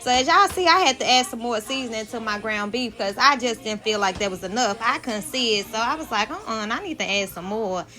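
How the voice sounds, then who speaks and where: A woman's voice: a little high, expressive, fairly quick, few pauses, bright, forceful tone, soft background music. A woman in her thirties chatting casually to viewers in her home kitchen as she cooks, loose and frank, full of asides. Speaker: cooking vlogger. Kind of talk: casual kitchen chat to camera.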